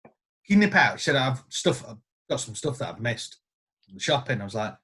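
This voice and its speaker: A man's voice: medium pitch, fairly quick. A man, a guest guitarist, telling stories in casual podcast chat and acting out the quotes. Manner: animated storyteller acting out quotes.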